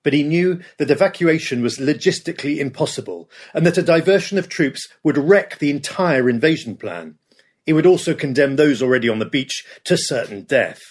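Male documentary narrator, husky and fairly high voice, dramatic storytelling. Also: a little mellow. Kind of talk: scripted history narration.

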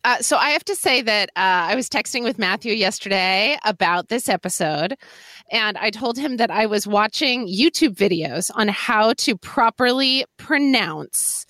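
Lively woman podcast host in a closet. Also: mid-range voice, normal speed, dry recording. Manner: self-deprecating, animated, laughs at herself. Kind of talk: casual podcast chat. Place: small closet.

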